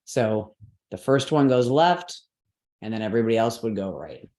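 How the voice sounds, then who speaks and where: A woman teaching a live class, explaining step by step, checking that her students follow, and correcting her own slips out loud. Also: a bass voice, animated, moderate pace, roomy sound. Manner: patient, step-by-step explaining with frequent checks for understanding.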